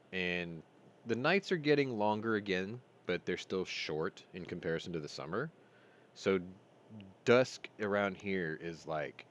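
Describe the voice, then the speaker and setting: Lowish-voiced man, casual chat host, animated storyteller who swears now and then. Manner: animated retelling, swearing, quick bursts. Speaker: podcast host.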